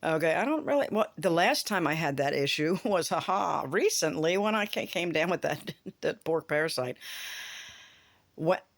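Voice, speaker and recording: A woman's voice: low-pitched, expressive, moderate pace. A woman vlogger in a casual commentary rant, rambling, swearing freely and sounding incredulous.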